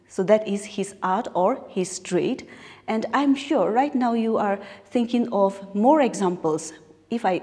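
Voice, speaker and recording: Indian English teacher in echoey hall. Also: female voice, mid-range voice, dark tone. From Nagaland, India. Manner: explains slowly, repeats phrases, asks rhetorical questions. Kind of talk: recorded classroom lesson. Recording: long hall-like reverb.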